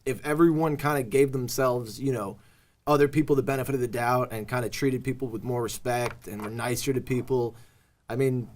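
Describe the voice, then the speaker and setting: A man's voice: mid-range voice, fairly even intonation, a little fast. A young man chatting earnestly and casually, swearing freely and leaning on fillers like "you know" and "like". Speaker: guest in conversation. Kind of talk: casual chat.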